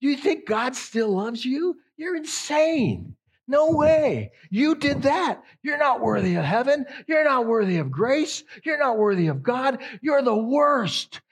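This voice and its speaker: A scornful male accuser spirit, as a preacher puts him on, jeering in a high, husky, strained voice. He spits out short, cutting put-downs one after another. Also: animated, unhurried, full character voice. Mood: taunting.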